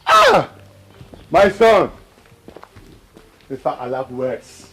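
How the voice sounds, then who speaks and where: A man's voice: medium pitch, very animated, moderate pace, slightly rough. An actor playing a remorseful father who pleads with his grown children, speaking with sudden emotional outbursts.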